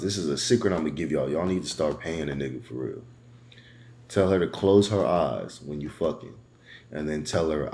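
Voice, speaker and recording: Very deep-voiced man giving crude advice. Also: darkish tone, slight background noise. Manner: slow, laid-back, crude street slang. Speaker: dating advice host. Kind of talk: casual advice monologue.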